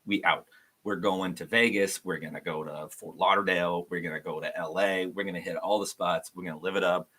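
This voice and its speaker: A man's voice: low voice, fairly even intonation, fairly quick, pushed and bright, breathy edge, exaggerated voice. A man voicing a brash young son who takes his inheritance early, talking with cocky, slangy swagger.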